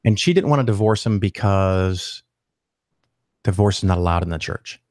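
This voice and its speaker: Brief: man, podcast guest, lively profane storyteller, dry close sound. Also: low-pitched, normal speed, dry recording. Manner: animated, profane, acts out quoted voices. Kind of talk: casual storytelling interview.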